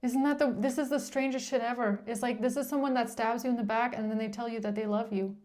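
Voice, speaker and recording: A woman's voice: on the high side, steady tone, fast, a little mellow. A woman giving a casual tarot reading, speaking bluntly and with exasperation, swearing freely and rambling through restarts. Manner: rambling, with frequent restarts and filler "like". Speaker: tarot reader.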